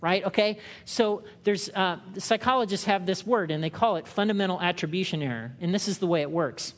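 A man preaching a sermon in a conversational way, acting out quotes in loud, higher voices. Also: a little fast, big-room sound. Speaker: pastor.

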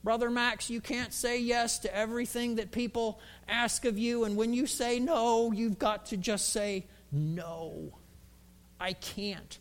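A man putting on the raspy voice of an older male mentor who gives blunt, calm advice. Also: extremely high pitch, a little slow. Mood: blunt, matter-of-fact.

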